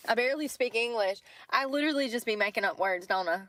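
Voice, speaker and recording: A woman's voice: fairly high pitch, animated, fast, fairly bright tone, slight background noise. Chatty, swearing woman. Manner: chatty, laughs often, swears freely. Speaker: vlogger. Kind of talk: casual chat.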